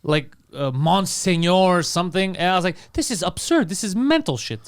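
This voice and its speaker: A man co-hosting a comedy podcast, telling a story in casual comic style and acting out the lines of his friends. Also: high voice. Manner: rapid, animated, acts out quoted friends. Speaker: podcast co-host.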